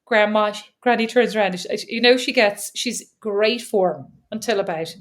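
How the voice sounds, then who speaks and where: A woman's voice: medium pitch, normal speed. An Irish woman co-hosting a podcast, chatting casually and teasing her sister with frequent laughs. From Ireland. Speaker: podcast co-host. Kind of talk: casual chat.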